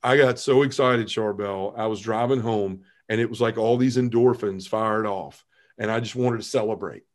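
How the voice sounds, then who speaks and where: A man in his forties, guesting on a podcast, relates his conversion in an animated, heartfelt way, acting out his earlier self. His pitch is fairly low and his pace moderate.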